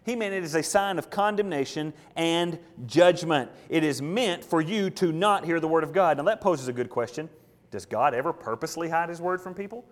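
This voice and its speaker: A man delivers an expository sermon with emphatic force, dropping to hushed asides and then rising to loud declarations. His voice sits a little high for a man. The sound rings with the long reverb of a large hall. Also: moderate pace. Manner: emphatic, mocking voices of scoffers, dramatic swings in loudness. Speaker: preacher.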